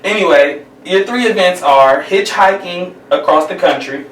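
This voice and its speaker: Playful male host with a high voice, recorded in a roomy space away from the mic. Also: normal speed, a bit bright, distant mic, a little hiss or hum. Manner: playful, laughs often. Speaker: podcast host. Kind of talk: casual chat.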